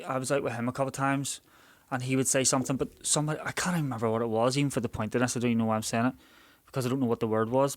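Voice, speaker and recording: A young man, co-hosting a podcast in casual chat. He chips in quickly, jokes around and swears. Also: medium pitch, no room sound. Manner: quick interjections, joking banter, swears. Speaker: podcast co-host.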